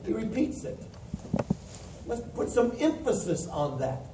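A man's voice: sits high, sing-song, a little slow. A man preaching a sermon in a church, explaining scripture in a plain, teaching way and acting out the voices he quotes. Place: church hall. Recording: echoey hall from a distance, faint hiss.

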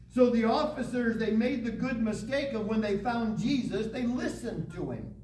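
A man teaching a Bible lesson to a class, reading scripture aloud with dramatic pauses. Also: extremely high pitch, a little mellow. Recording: echoey room, distant mic, faint hiss.

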